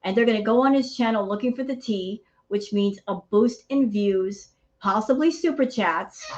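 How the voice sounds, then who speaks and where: A woman's voice: medium pitch, normal speed, a little mellow. Fired-up woman ranting on a lo-fi mic. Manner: fired up, ranting, addresses viewers as y'all. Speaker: reaction channel host. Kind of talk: heated commentary.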